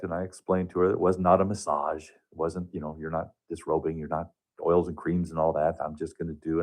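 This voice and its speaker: A man telling a personal story as a guest on a radio talk show, earnest and halting, often restarting his sentences. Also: sits low, a little mellow. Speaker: radio guest, hospice touch therapist.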